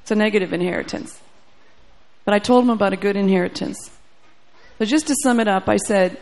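A woman's voice: mid-range voice, brisk, vocal fry, a little mellow, slight background noise. A woman preacher telling a testimony in a sermon, acting out the dialogue and growing fervent. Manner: storytelling, acts out dialogue, grows fervent.

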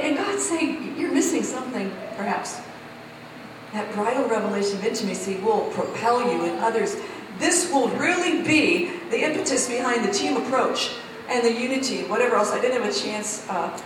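High-voiced woman preaching in echoey hall. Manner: animated, acts out God's voice and swings loud and soft. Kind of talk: sermon. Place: church hall. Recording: echoey hall from far off, noisy.

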